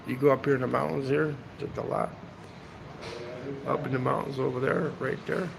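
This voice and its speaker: A man's voice: medium pitch, fairly even intonation, normal speed, creaky, background noise. A man chatting casually on a travel livestream from a hotel rooftop, rambling and swearing, ending his sentences with "man". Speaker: travel vlogger. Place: hotel rooftop seating area, outdoors.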